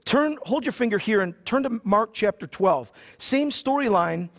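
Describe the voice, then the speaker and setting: A man's voice: sits high, animated, normal speed, a bit bright. A pastor preaching a sermon. He reads scripture aloud and retells it in casual, joking everyday talk. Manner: casual and joking, with slang asides.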